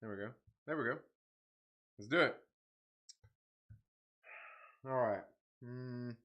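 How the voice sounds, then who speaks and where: A man's voice: mid-range voice, moderate pace, dull audio. A man hosting a livestream, rambling in casual profane chat and laughing often. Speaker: livestream host reading comics.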